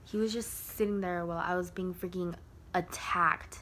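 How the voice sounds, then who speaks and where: A young woman telling a casual storytime on her vlog. She rambles, leans heavily on "like", and sometimes drops into a soft whisper. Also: lowish voice, fairly even intonation, normal speed, slight background noise. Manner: rambling, heavy use of "like" fillers. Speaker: vlogger.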